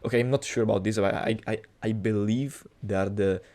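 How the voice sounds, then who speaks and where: A young man talks in a casual, rambling monologue, cursing freely and restarting his sentences. His voice sits a little low, and his storytelling wanders. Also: fairly even intonation, fairly quick, a little mellow. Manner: rambling, profane, many restarts and fillers. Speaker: cooking vlogger.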